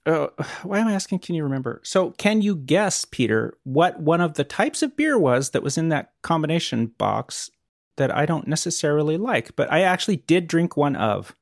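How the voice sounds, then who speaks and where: A middle-aged man co-hosting a podcast in casual chat, blunt and animated, swearing offhand. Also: a little high, normal speed, creaky, no room sound, studio quality. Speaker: podcast co-host.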